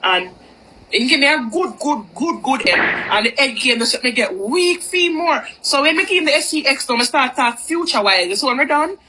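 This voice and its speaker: A woman's voice: high-pitched, expressive, brisk, background noise. A woman telling a personal story in a candid, rambling, chatty way. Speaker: vlogger. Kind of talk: storytime monologue.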